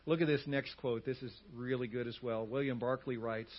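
A male pastor preaching a sermon, swinging from loud emphatic lines to hushed, quiet words. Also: mid-range voice, fairly even intonation, a little fast, hardly any pauses, muffled recording.

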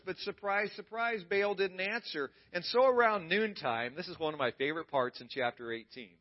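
High-pitched guy preaching, big dramatic storytelling, kinda dull muffled recording. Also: moderate pace. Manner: dramatic, animated retelling with swings from loud to hushed. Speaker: pastor. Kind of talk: storytelling sermon.

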